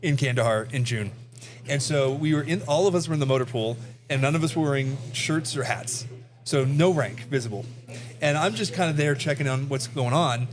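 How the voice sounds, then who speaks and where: A man in his forties, a political candidate, telling stories in a laughing, animated way, recorded in a brewery taproom. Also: mid-range voice, fairly quick. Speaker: congressional candidate and guest. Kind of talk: storytelling in casual chat.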